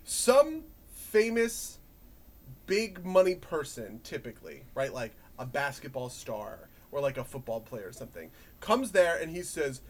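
A man in casual podcast chat, rambling and animated, laughing often and swearing. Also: fairly high pitch, measured pace. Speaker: podcast co-host.

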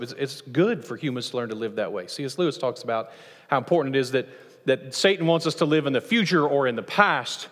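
A man preaching a sermon as pastor of a church, lively, acting out voices from the passage as he teaches. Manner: animated, acts out quoted voices with rising pitch. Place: church sanctuary. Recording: long church reverb.

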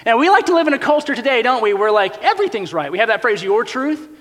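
A man preaching a sermon in a casual, animated way, often acting out quotes in other voices. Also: extremely high pitch, fast, big-room sound. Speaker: pastor.

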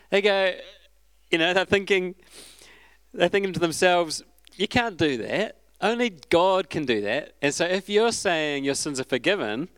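Young aussie guy preaching, laid back and storytelling, crisp clean voice. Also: a little high, a bit bright, dry recording. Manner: conversational, storytelling preacher with asides and laughs. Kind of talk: sermon.

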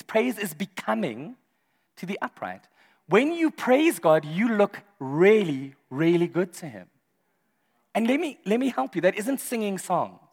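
Brief: male pastor, animated and funny, high and sing-song, long hall reverb. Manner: animated, humorous, laughs often. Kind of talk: sermon.

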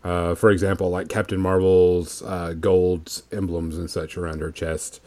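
A man with a low voice talks at a measured pace while painting miniatures and co-hosting a casual podcast stream. His livestream chat is relaxed and rambling, packed with fillers.

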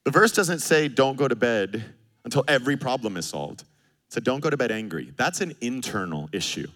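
A pastor in his thirties delivers a sermon in a bright, forceful voice. He is animated and joking, and he acts out both sides of quoted arguments. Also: mid-range voice, fairly quick.

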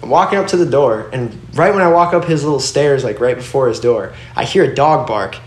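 A man's voice: mid-range voice, fairly quick. Young man, guest skater, rambling casual storytelling, swears often, roomy echo. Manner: loose, rambling, swears, lots of "like".

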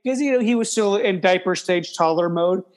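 A man, a guest on a casual podcast, who talks haltingly and restarts his phrases. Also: high-pitched. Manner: halting, with many fillers and restarts. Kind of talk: casual chat.

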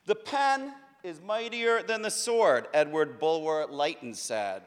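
A man hosting a public reading recites quotations dramatically into a stage microphone, his delivery declamatory, emphatic, and measured. His voice is on the high side, clear and resonant, with lively intonation, and a large hall adds long reverb.

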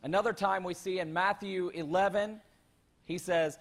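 Pastor guy preaching in church, high voice, keeps calling out to the crowd. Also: fairly even intonation, moderate pace. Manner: conversational, calls out to the congregation. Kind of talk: sermon. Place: church sanctuary.

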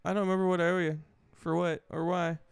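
A man's voice: sits high, level tone, fast talker, vocal fry, clean tone, no room sound. A young man co-hosting a podcast, rambling and swearing casually while joking with his co-host. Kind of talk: casual chat.

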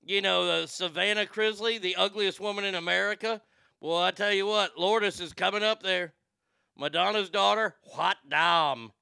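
A man's voice: high voice, normal speed, vocal fry, bright, forceful tone, smooth, dry recording, clean studio sound. A man hosting a casual live-stream show, ranting profanely and reading chat comments aloud. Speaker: talk show host.

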